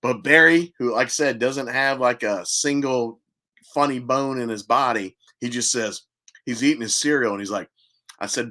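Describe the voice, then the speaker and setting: A man's voice: medium pitch, normal speed, bright, forceful tone. An older man hosting a podcast, telling a long, chatty personal story and laughing at his own tales. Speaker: podcast host.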